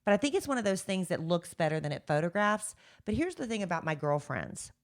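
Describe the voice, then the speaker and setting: A woman's voice: lowish voice, sing-song, fast. A middle-aged woman, co-hosting a podcast, chatting in a rambling, defensive way. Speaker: podcast co-host. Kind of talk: casual chat.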